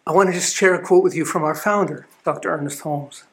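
A man's voice: a little high, quick pace. A man giving an earnest, storytelling sermon at a spiritual living center. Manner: earnest storytelling with small restarts.

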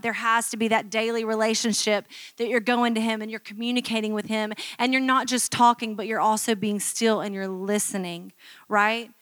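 A woman's voice: mid-range voice, a bit bright, no room sound. A middle-aged woman pastor preaching a sermon in a chatty, self-mocking storytelling way, acting out quotes from her own life.

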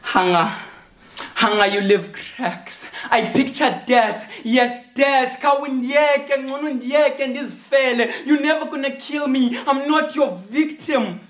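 A woman's voice: sits high, takes it slowly. A woman performing spoken word poetry in a defiant, declamatory way. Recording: echoey room.

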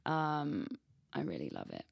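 Low gravelly young woman chatting on radio. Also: huge pitch swings, unhurried, no echo, studio quality. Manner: rambling, frequent "like" and swearing. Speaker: radio host. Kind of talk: casual chat. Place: radio studio.

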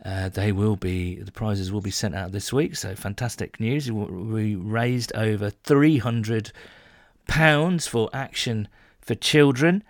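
A man's voice: fairly low pitch, fairly even intonation, takes it slowly, no room sound, studio quality. A man from the United Kingdom hosting a casual podcast, reading out listener messages and reacting with jokes. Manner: chatty, jokey, reads messages then reacts. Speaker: podcast host.

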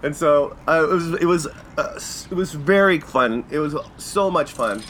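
A Canadian man hosting a podcast, telling a casual story with laughs and acting out quotes in jumpy high voices. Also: lively intonation, moderate pace, fairly bright tone, a little hiss or hum. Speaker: podcast host.

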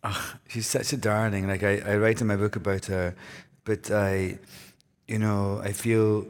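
A man's voice: fairly low pitch, flat delivery, unhurried, clear, resonant tone. A man, a guest author, chatting on stage before an audience with laughing asides. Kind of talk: on-stage conversation. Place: event hall before an audience. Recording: reverberant hall.

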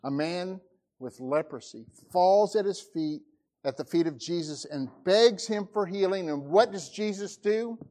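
A male pastor preaching a sermon, dramatic, his voice rising to cries and dropping to a hush. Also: sits high, unhurried.

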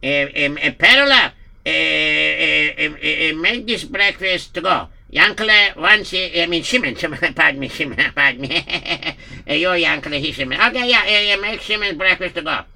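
A man's voice: on the high side, normal speed, gravelly, pushed and bright, exaggerated voice. A man voicing a nervous village innkeeper with a Yiddish accent, stammering and fretting in an amateur radio play. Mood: flustered. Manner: anxious, frets aloud with many stammered fillers. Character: worried male village innkeeper, nervous and fretful.

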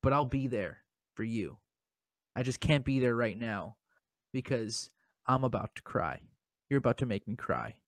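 A man's voice: mid-range voice, lively intonation, moderate pace, dry recording. A man hosting a comedy podcast, talking in a mock-dramatic, self-pitying way and often stammering over his words. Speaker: podcast host.

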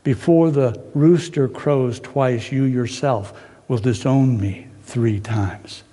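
A man voicing a grave male teacher, speaking slowly and solemnly. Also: medium pitch, dark tone. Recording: reverberant hall.

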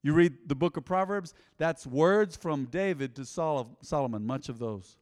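High-voiced preacher in a big hall. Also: male voice, normal speed. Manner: animated, conversational preaching with asides to the congregation. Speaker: pastor. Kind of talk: sermon. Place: large church auditorium.

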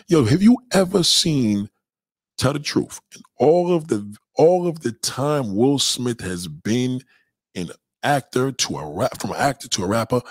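Lively, husky-voiced man ranting on a livestream. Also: medium pitch, dry recording. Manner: profane, heated and emphatic. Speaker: livestream host reading chat. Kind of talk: casual livestream rant.

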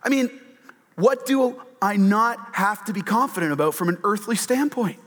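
A male pastor preaching a sermon, animated and often acting out quotes in a raised voice. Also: high voice, moderate pace. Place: church hall with slides on a screen. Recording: long hall reverb.

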